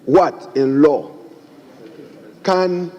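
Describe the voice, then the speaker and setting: A man's voice: a little high, extremely slow, dark tone. Middle-aged man orating in a parliament chamber. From Ghana. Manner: oratorical, repeatedly addressing the Speaker. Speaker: member of parliament. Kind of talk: parliamentary debate speech. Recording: long chamber reverb.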